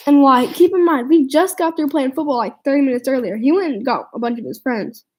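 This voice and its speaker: A woman's voice: high-pitched, fairly quick, a little mellow, low-quality recording. A teenage girl telling a storytime vlog, rambling along with lots of "like" fillers and restarts. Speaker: vlogger.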